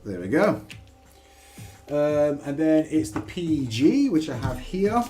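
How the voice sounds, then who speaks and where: A man chatting casually and excitably on a live stream from his kitchen, swearing freely as he talks. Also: a little high, slow pace, faint music behind. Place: home kitchen.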